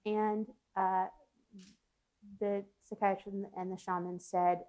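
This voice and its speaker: A woman psychologist, appearing as an interview guest, tells a personal story earnestly and reflectively, often restarting and laughing. Her mid-range voice moves at a normal speed and sounds a little mellow.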